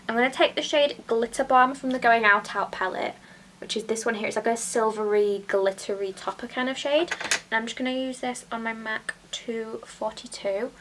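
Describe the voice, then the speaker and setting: A young British woman chatting casually while doing her makeup, often dropping into soft whispers. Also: a little high, slight background noise. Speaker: beauty vlogger. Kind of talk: casual get-ready-with-me chat.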